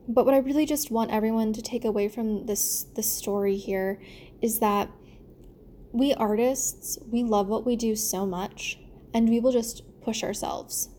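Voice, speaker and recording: Young woman, fairly high, mellow tone, loose and rambling delivery. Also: a little hiss or hum. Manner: rambling, many fillers and restarts. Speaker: theater performer. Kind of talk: casual reflective monologue.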